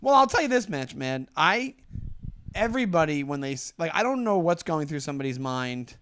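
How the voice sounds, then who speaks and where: A man in his thirties co-hosting a comedy podcast, talking in an animated, teasing way with quick laughs. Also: fairly high pitch, clear, resonant tone, dry recording, clean studio sound. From New York area. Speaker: podcast co-host. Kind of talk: casual comedic chat.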